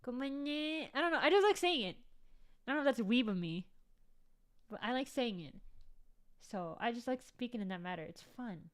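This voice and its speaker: A woman's voice: on the high side, animated, moderate pace, pauses often. Chatty, foul-mouthed young woman vlogger. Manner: chatty, rambling, swears freely. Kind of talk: casual chat to viewers.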